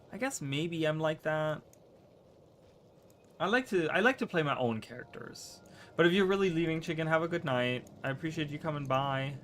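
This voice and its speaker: A man's voice: on the high side, a bit bright, a little hiss or hum. Rambling male streamer chatting with viewers. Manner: rambling, trips over words and restarts, teases chat. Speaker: gaming streamer. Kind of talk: casual livestream chat while gaming.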